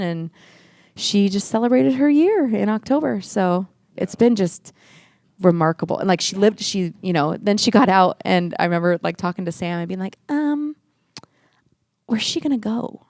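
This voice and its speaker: A woman's voice: medium pitch, a little mellow, clean tone, no room sound, studio quality. A woman guest on a church podcast telling her personal story with earnestness, near tears at times. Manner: earnest, emotional storytelling, acts out quoted voices. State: tearful at times. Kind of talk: personal testimony in casual chat.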